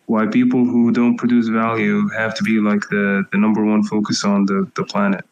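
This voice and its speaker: Low, sarcastic man on lo-fi audio. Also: monotone, normal speed. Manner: teasing, sarcastic. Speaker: participant. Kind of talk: joking casual chat. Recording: dull lo-fi audio.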